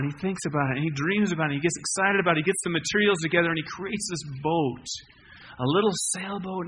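A man preaching a sermon in an emphatic way, rising to loud peaks then dropping quiet. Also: high-pitched, slight background noise.

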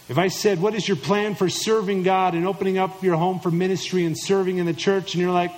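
A middle-aged pastor with a high, bright voice delivers a sermon to husbands, speaking emphatically and directly to the men before him and slipping into mock voices to quote imagined listeners. His tone is level and brisk with few pauses, and the audio quality is poor.

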